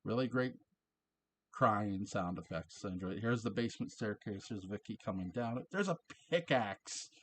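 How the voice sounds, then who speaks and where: A man's voice: lowish voice, expressive, moderate pace, slight background noise. A man casually recapping a TV episode, chatty and laughing often, quoting lines in passing. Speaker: show reviewer.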